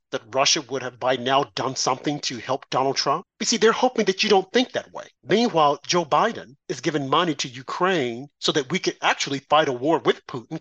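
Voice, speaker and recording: American guy ranting on his talk show, kinda high voice, dry close sound, keeps hammering the same points. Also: fairly bright tone, no room sound, muffled recording. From United States. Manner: emphatic, repetitive, preachy. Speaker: host. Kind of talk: political commentary monologue.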